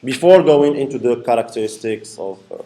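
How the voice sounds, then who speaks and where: A man's voice: medium pitch, animated, brisk, dark tone, a little hiss or hum. A man giving a classroom lecture, repeating his points and checking in with the class by asking "okay?". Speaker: university lecturer.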